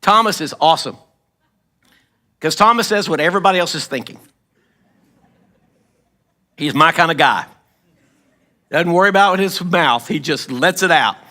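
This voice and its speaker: A man preaches in church with a high, bright voice that carries. He tells the story with acted-out lines. He often pauses to clear his throat. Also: animated. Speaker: pastor. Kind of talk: sermon.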